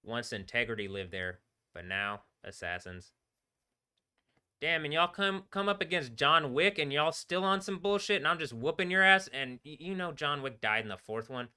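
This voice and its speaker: Bright, clear-voiced man ranting profanely. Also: on the high side, fairly quick, hardly any pauses. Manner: profane, rambling, laughs between remarks. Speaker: streamer. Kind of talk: rambling solo livestream talk. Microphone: computer microphone.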